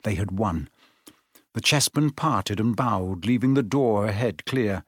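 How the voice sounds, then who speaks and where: A man narrating a children's fantasy storybook in an even, measured reading. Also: on the low side, husky, no room sound. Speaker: audiobook narrator.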